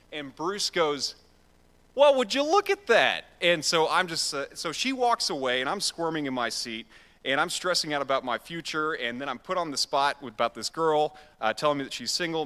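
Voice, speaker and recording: A man preaches from the platform, telling his story in a loose, self-deprecating way. His voice is bright and forward. The sound rings with a long church-hall reverb. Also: a little high. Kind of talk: storytelling sermon. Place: church sanctuary.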